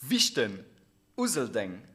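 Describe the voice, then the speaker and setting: A man with a Luxembourgish accent leads a casual comedy quiz, reading place names at an unhurried, careful pace. His voice is bright and clear, and his pitch rises and falls a lot as he teases his opponent and laughs along. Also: huge pitch swings. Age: adult, a teacher. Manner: reads names deliberately, laughs often. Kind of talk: casual comedy game chat.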